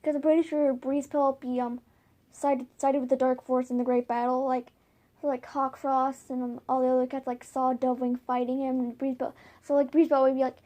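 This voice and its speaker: A woman's voice: high voice, little pitch movement, fairly quick, mellow. A woman casually making up a fan story at home, rambling with many filler words. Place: home, by a window.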